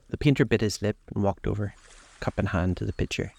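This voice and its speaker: A man reading a classic novel aloud as calm audiobook narration, slow and measured. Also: lowish voice, creaky. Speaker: storyteller. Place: outdoors on a lakeside deck.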